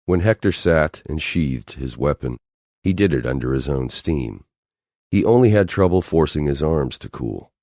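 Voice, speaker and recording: A man's voice: very deep voice, expressive, normal speed, dark tone, dry recording. A man narrating a romance audiobook in an intense, dramatic way on a close studio mic. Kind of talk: scripted narration.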